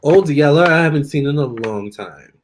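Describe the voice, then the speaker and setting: A young man chatting casually with viewers during a live stream, expressive and talking straight to his audience. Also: a little high, normal speed, slight background noise. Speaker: live-stream tarot reader.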